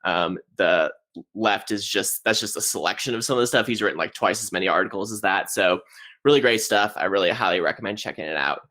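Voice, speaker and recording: A man giving a casual technical presentation, chatty and relaxed with frequent "um"s. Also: fairly low pitch, brisk. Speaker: conference speaker.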